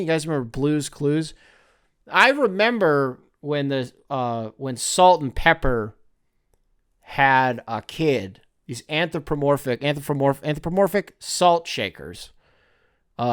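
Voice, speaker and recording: A young man hosting a solo podcast, talking casually with a profane, rambling manner that swings between low mutters and loud outbursts. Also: clean tone, no echo, studio quality. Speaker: podcast host.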